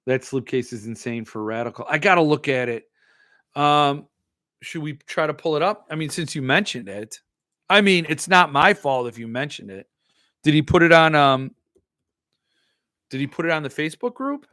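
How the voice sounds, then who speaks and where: A man's voice: fairly high pitch, expressive, normal speed, sharp tone, no echo, studio quality. A man hosting a podcast in casual chat, reading viewer comments, jokey and self-mocking. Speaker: podcast host.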